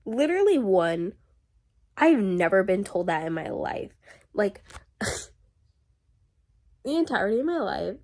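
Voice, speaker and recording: A woman talks straight to camera in a casual diary vlog, venting at length. Her delivery is animated and ranting, packed with "like" and "literally". She is still getting over being sick, and her pitch sits in the middle of the range. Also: a little slow, long pauses. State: recovering from illness. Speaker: vlogger.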